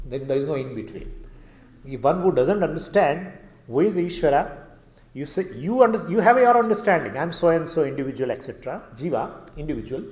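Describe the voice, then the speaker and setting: A man teaching scripture and explaining it in an earnest, emphatic way, pausing on fillers. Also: on the high side, darkish tone. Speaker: Vedanta teacher. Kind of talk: scripture lecture. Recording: roomy hall reverb.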